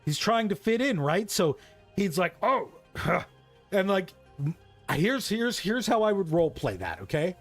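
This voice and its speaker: A man chatting casually and excitedly about tabletop gaming, swearing, laughing and tossing in "bro" and "right". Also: sits high, moderate pace, soft background music.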